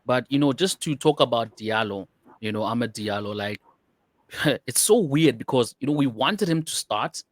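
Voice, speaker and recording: A man's voice: medium pitch, expressive, moderate pace, no echo. A man co-hosting a football podcast in casual chat, rambling with lots of "you know" and restarts. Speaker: podcast co-host.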